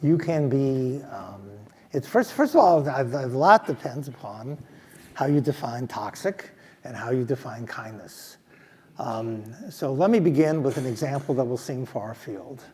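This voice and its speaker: A man's voice: mid-range voice, expressive, a little slow, dark tone, in a large hall. An older man, a professor, speaking in a fireside chat, thoughtful and emphatic, often restarting his sentences. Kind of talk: fireside chat, answering a question. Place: stage at a business school event.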